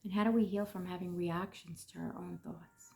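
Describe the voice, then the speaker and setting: A woman coach speaks in a soft, reflective way, asking gentle rhetorical questions and sometimes dropping almost to a whisper. Her voice has a gravelly edge, and the tone is dark and mellow. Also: fairly low pitch, fairly even intonation, moderate pace. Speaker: emotions coach.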